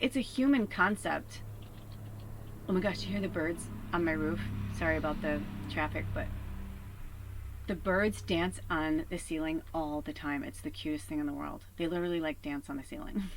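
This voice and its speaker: A woman with a lowish voice gives a casual spiritual reading from her tiny home RV. She talks in a chatty, earnest way, swears casually, and sometimes sinks to a hush. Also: rough recording. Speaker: spiritual reader. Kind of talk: casual collective tarot reading.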